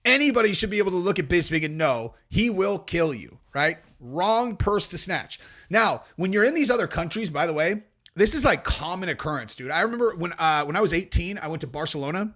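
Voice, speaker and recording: A man hosting a podcast, telling stories and commenting in a brash, animated, profane way. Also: sits high, fairly quick. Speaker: podcast host.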